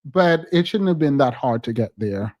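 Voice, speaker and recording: A man's voice: mid-range voice, expressive, moderate pace, a little mellow, no room sound. A man hosting a podcast, giving casual, emphatic reality-TV commentary and laughing often. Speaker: podcast host.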